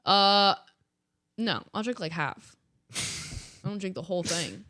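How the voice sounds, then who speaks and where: A woman's voice: mid-range voice, expressive, unhurried, bright, forceful tone. Woman putting on a fake British accent. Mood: playful. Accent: put-on British. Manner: playful, exaggerated fake accent. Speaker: podcast co-host. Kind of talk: casual chat.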